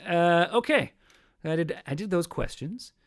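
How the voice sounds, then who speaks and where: Guy with a pretty high voice rambling between songs on his stream, kinda self-mocking, trails off a lot. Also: expressive, measured pace. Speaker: singer-songwriter livestream host. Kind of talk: casual chat between songs.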